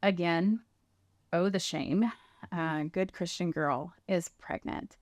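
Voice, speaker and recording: Speaking slowly in a fairly low, slightly mellow voice, a woman in her thirties earnestly tells her personal story. The recording has no room sound, and she acts out the words people said to her.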